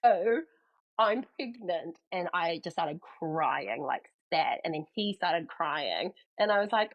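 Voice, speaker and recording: A woman's voice: fairly low pitch, a little slow, highs cut off. A young woman with a New Zealand accent, a podcast guest telling a personal story in casual chat and acting out what people said. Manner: animated storyteller, acts out quoted lines.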